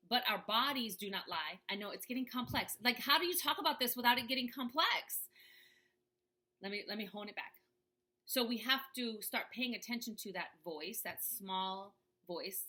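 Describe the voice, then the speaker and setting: A woman's voice: mid-range voice, sharp tone. A woman coaching viewers in a casual talk to camera, checking in with "right?" as she goes. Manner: conversational, often asks "right?".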